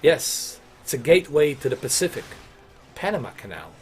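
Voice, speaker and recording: A man's voice: fairly high pitch, sing-song, normal speed, slight background noise. Laid-back rambling man streamer. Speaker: gaming streamer. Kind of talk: casual game-stream chat.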